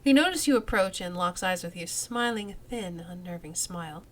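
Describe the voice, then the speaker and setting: A woman's voice: fairly low pitch, animated, moderate pace. A woman streamer playing a role-playing game, reading the narration aloud and making casual, giggly asides. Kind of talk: let's play with commentary and narration.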